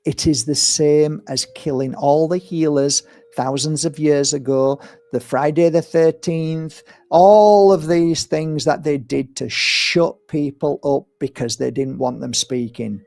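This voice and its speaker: A man with a somewhat high voice, talking in a casual, rambling livestream monologue that keeps building into passionate rants. The sound is dry and close. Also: unhurried, vocal fry, darkish tone, no room sound. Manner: rambling and impassioned, given to ranting. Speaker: livestream host. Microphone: streaming setup mic.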